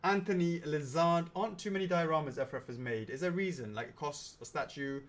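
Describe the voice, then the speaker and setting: A man's voice: a little high, fast. Guy reading out viewer questions, rambly and jokey, chatty q&a. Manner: rambling, jokey, laughs often. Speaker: host. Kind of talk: casual Q&A chat.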